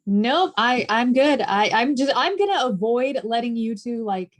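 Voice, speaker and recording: A woman's voice: on the high side, lively intonation, a little slow. A woman co-hosting a podcast, teasing her co-host and laughing often in casual chat.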